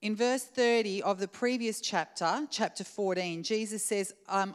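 A woman's voice: mid-range voice, steady tone, a little slow, few pauses, clear, resonant tone, big-room sound. A woman preacher giving an earnest, conversational sermon and prayer to her church, speaking directly to the congregation. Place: church hall.

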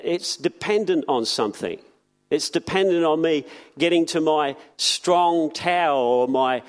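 A man preaching a sermon in an earnest way, often repeating words and slowing down on key phrases. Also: fairly high pitch.

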